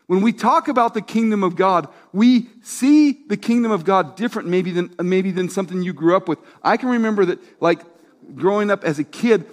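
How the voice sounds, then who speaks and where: Conversational man preaching a sermon. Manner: conversational storytelling, drops low and soft for quotes and emphasis. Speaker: pastor.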